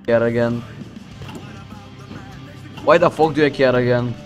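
A young man from the Balkans casually commenting on his strategy game, boasting, swearing and joking to himself as he plays, with loud music behind him. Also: medium pitch, measured pace. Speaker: streamer playing a strategy game. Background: loud background music.

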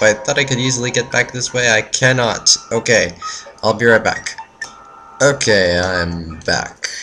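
Woman commenting on a game, very deep voice, wildly swinging pitch, cursing, exasperated, game music behind. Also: fairly bright tone. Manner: easily frustrated, cursing, talks to the enemies. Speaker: let's play gamer.

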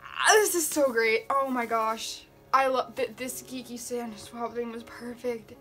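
Bright, excitable young woman vlogger. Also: high voice, normal speed, soft background music. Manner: gushing, excitable, chatty with fillers. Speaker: book vlogger. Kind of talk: casual unboxing vlog.

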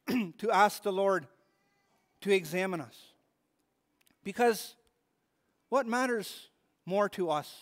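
A man's voice: sits high, long reverb tail. A man preaching a sermon as pastor, earnest and repeating words as he stresses his points. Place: church hall.

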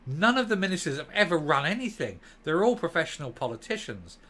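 A man's voice: a little high, sing-song, moderate pace, few pauses, sharp tone. A man from England hosting a political opinion vlog, ranting emphatically with a sarcastic edge. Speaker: channel host.

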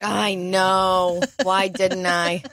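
A woman's voice: mid-range voice, little pitch movement, very slow, fairly bright tone, no echo. Woman, podcast co-host, casual chat, rambling, giggly, dry close mic.

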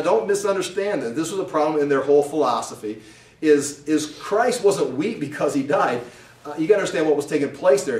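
A man teaching a Bible study lecture, reading scripture aloud and then explaining it in blunt everyday paraphrase, earnest and emphatic. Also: on the high side. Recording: echoey room, mic at a distance.

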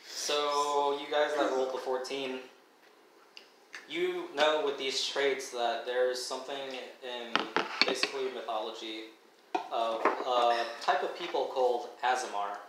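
A man narrating as dungeon master for friends, talking in a halting way with many fillers and restarts. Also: mid-range voice, fairly even intonation, fairly bright tone, a little hiss or hum. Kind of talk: narrating a tabletop game. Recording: echoey room mic from a distance.

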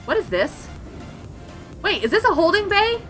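A young woman streaming gameplay, excitable and giggly as she exclaims over what she finds. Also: very high voice, moderate pace. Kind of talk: live gameplay commentary. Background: game music.

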